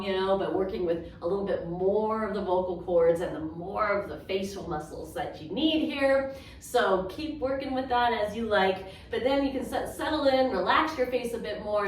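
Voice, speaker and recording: A woman's voice: a little high, a little hiss or hum. A woman leading an adaptive yoga class, guiding vocal and movement exercises in an encouraging, chatty way. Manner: slow, encouraging, chatty with small laughs. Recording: roomy, distant mic with faint ambience.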